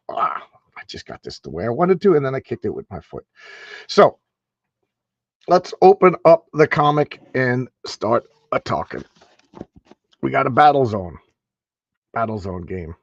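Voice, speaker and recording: A man's voice: lowish voice, breathy edge, dry recording, lo-fi sound. A man hosting a casual live stream, rambling and stammering as he repeats words. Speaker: host.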